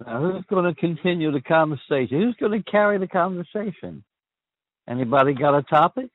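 An older man hosts a call-in chat, pondering big questions aloud and tripping over his own restarts. His voice sits a little high and swings widely. It comes through dry and narrow, like a phone line. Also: expressive, a little fast. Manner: ponderous, repeats and restarts phrases. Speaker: call-in show host.

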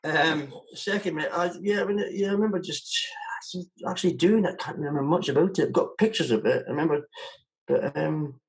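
A man's voice: on the high side, brisk, poor audio. Rambling man recounting band days. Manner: rambling, many restarts and "you know". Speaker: musician guest. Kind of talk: casual interview chat.

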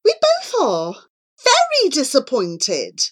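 A loving mother from a children's storybook, gentle even when disappointed, voiced by a woman. Her voice lifts and lilts with a lively range. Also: very high-pitched, takes it slowly, pitched above the performer's own voice, exaggerated voice. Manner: gentle, warm.

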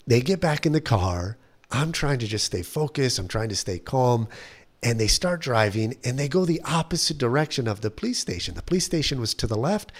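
A man, a missionary, telling a personal story in a lively way, acting out what others said and laughing at himself. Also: medium pitch. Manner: animated retelling, acts out quoted voices, laughs at himself.

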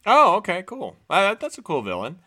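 A man's voice: high-pitched, wildly swooping pitch, a little fast, pushed and bright. A man co-hosting a casual movie chat, talking in a loose, rambling way. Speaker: podcast co-host.

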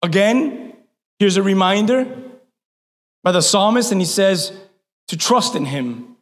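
A male pastor preaching a sermon, fervent, building to shouts and then easing down with self-mocking asides. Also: high-pitched, lively intonation, measured pace. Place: church hall. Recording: long reverb of a large hall.

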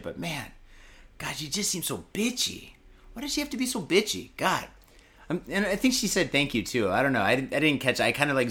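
A man hosting a casual podcast, swearing freely as he rambles through stories. His voice is bright and forceful, at an ordinary pitch for a man. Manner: profane, rambling storytelling. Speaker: podcast host.

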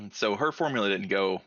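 A young man playing a tabletop role-play game, hesitant and clearing his throat. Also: lowish voice, expressive, normal speed, a bit bright, no echo. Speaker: player. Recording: dull lo-fi dry mic.

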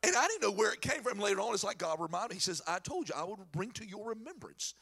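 A middle-aged man preaching a sermon in a church, telling stories with animated, shouted emphasis. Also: sits high, fast talker, husky. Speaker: pastor.

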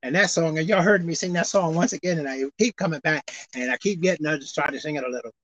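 A woman preaching a sermon in a casual, folksy way, swinging between shouted highs and low murmurs. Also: fast, no room sound. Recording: dull lo-fi recording.

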